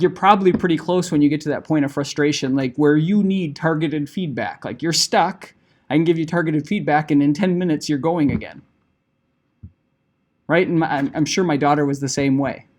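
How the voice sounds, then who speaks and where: A man's voice: on the high side, normal speed, a little mellow. A middle-aged man teaching a class, explaining a project in a casual, conversational way full of "like" and "right?" asides. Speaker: instructor. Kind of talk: classroom lecture.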